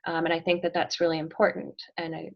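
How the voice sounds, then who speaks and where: A woman's voice: fairly low pitch, monotone, fast talker, vocal fry, highs cut off. A woman guest on a podcast, talking casually and thoughtfully with frequent ums and light laughs. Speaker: podcast guest, marketing executive. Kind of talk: casual interview chat.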